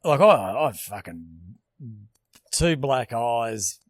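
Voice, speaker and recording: A man's voice: medium pitch, big pitch swings, extremely slow, no room sound, clean studio sound. A young Australian man with an Australian accent, rambling and swearing as a podcast co-host in casual chat. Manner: rambling storyteller, swears freely.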